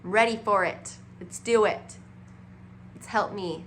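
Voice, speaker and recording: A young woman talks straight to her viewers in a bubbly, chatty vlog voice. Her pitch sits in the ordinary middle range, and she fills her sentences with "like" and "um". A faint hum runs under the recording. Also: moderate pace. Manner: bubbly and chatty, with many fillers like "like" and "um". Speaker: vlogger. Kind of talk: casual chat to camera.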